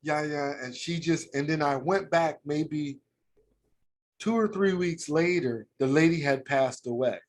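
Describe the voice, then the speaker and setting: A man's voice: fairly high pitch, unhurried, a little hiss or hum. A man with an American accent, co-hosting a podcast and telling a heartfelt work story in casual, slangy chat. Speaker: podcast co-host.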